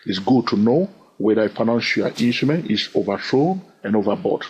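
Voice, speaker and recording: Lively man teaching about trading. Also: on the low side, a little hiss or hum, rough recording. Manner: animated, often fills pauses with "okay" and "all right"; repeats phrases while thinking aloud. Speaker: trading educator. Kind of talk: instructional talk to camera.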